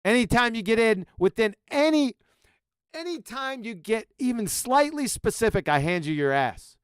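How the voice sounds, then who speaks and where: A man's voice: extremely high pitch, big pitch swings, moderate pace, clean tone, dry recording, clean studio sound. A man hosting a live stream, mocking a clip with profane, sarcastic commentary. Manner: ranting, insulting, sarcastic. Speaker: live stream host reacting to clips.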